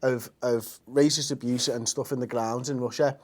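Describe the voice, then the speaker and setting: A man in casual panel banter who speaks briskly and cites figures. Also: mid-range voice, steady tone, darkish tone.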